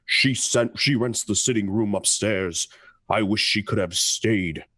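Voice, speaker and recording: A man's voice: fairly low pitch, measured pace, pushed and bright, no echo, clean studio sound, voice pushed down. A man reading the part of a fussy, flustered middle-aged hostess in an amateur radio-play reading. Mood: fluttery.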